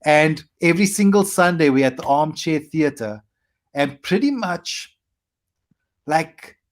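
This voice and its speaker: A South African man in his forties, a comedian guest, telling animated stories with quick asides. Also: fairly high pitch. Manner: animated anecdotes with quick asides and playful acted quotes. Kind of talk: storytelling interview.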